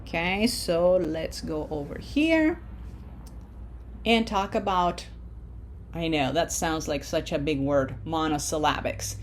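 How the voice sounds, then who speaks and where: A woman teaching a Spanish pronunciation lesson, explaining patiently, checking in with "okay?" and modeling words slowly. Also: low voice, animated, a little hiss or hum. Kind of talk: classroom lesson.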